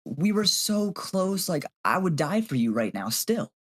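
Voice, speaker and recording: A young man co-hosting a podcast, telling a story in an animated, casual way with plenty of "like" and swearing. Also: high voice, measured pace. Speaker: podcast co-host. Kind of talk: casual chat.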